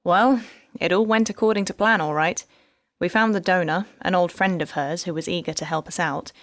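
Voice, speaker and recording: A woman's voice: fairly low pitch, fairly even intonation, normal speed, a bit bright, no echo, studio quality, lightly acted. An audiobook narrator, a woman, voicing a heartbroken female detective who tells her past with wry bitterness. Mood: wistful. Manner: wry, rueful storytelling.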